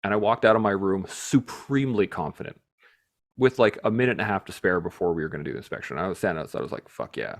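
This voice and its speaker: A man hosting a podcast, telling stories in a casual, animated way, swearing freely and laughing as he talks. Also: deep voice, quick pace. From Canada. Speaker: podcast host. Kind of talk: casual storytelling chat.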